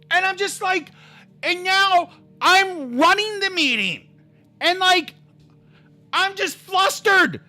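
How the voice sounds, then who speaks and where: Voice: very high voice, expressive, slow, pauses often, bright, forceful tone, faint music behind. A livestreamer telling a rambling, heated story in casual chat, swearing freely and talking over their own restarts.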